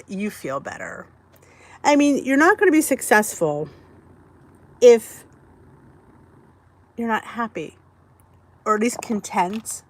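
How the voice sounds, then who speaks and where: A woman's voice: fairly high pitch, sharp tone. A woman hosting a casual livestream from her phone indoors, chatting and greeting viewers by name. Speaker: livestream host.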